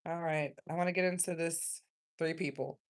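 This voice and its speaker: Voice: medium pitch, steady tone, normal speed. A tarot reader from South Carolina, giving a rambling, emotional, chatty card reading in a casual livestream.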